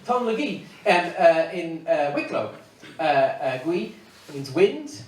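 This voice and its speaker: A man's voice: on the high side, very animated, takes it slowly. Irishman talking on a comedy stage. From Ireland. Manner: chatty, many fillers and restarts. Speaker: comedy club speaker. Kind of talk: comic talk on stage. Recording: echoey room, mic far off, faint noise.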